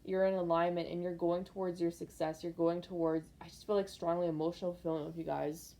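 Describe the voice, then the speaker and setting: A woman's voice: lowish voice, level tone, quick pace, mellow. A woman doing a casual pick-a-card tarot reading, rambling and speaking intuitively to viewers with lots of fillers.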